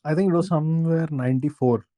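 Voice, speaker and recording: A man's voice: fairly high pitch, quick pace, warm tone, dry recording. A young man with an Indian English accent, co-hosting a podcast in casual, teasing banter. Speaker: podcast co-host.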